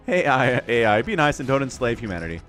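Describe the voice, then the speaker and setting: Lively, excitable male game caster. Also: medium pitch, fast talker, soft background music. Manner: excitable, chatty, laughs often. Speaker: esports caster and streamer. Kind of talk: live game commentary with chat interaction.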